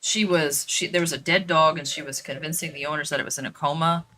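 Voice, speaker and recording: Blunt, bright-voiced woman telling a story. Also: low-pitched, steady tone, fast talker, slight background noise. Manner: blunt and profane, with many fillers and repeats. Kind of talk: casual storytelling while streaming a game.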